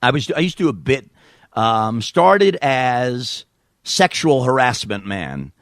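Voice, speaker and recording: A man in his thirties hosting a podcast, telling comic stories in an animated way. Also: medium pitch, slow pace, no room sound, studio quality. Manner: animated, slips into voices and quotes. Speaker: podcast host. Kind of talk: comic storytelling.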